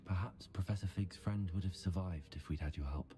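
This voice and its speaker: A man voicing a low, mellow-voiced student. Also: brisk, close to an everyday voice. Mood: polite. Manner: polite, reserved. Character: young male student newcomer, reserved.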